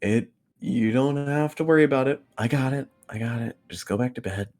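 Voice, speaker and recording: A man's voice: mid-range voice, fairly quick, a little mellow, soft background music, voice pushed up, natural voice. A man voicing a friendly male tiefling who talks in an easygoing, reassuring way. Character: friendly male tiefling host, smooth and relaxed.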